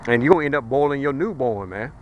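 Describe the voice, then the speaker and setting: A man's voice: mid-range voice, lively intonation, quick pace, a little mellow, a little hiss or hum, rough recording. A man preaching a fiery street sermon outdoors, blunt, colloquial and emphatic as he warns his listeners.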